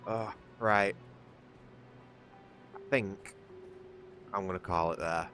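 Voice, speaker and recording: A British man chatting casually to his livestream audience while playing. His voice is very low, and he rambles with restarts and chuckles. Faint music plays behind him. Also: takes it slowly, fairly bright tone. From Britain. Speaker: streamer. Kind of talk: casual gaming livestream chat.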